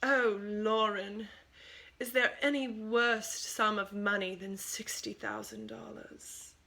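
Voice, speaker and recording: A woman putting on a soft British lady, gently dismayed. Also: medium pitch, steady tone, takes it slowly. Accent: British, put on.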